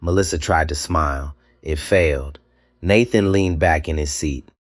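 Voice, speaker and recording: A man narrating a dramatic scripted story, measured and slow, with deliberate pauses. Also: very deep voice, dry recording, clean studio sound.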